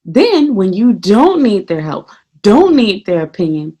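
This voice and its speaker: A woman vlogging casually, venting heatedly about her work as a teacher and swearing freely, her voice a little hoarse. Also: mid-range voice, big pitch swings, unhurried, dark tone. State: slightly hoarse. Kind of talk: casual ranting vlog.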